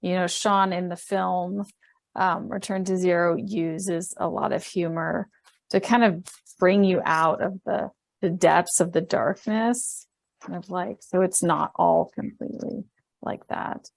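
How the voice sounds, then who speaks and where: A woman hosting a webinar interview over a video call, asking questions in a friendly, brisk way. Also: fairly low pitch, fairly even intonation, creaky. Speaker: webinar host.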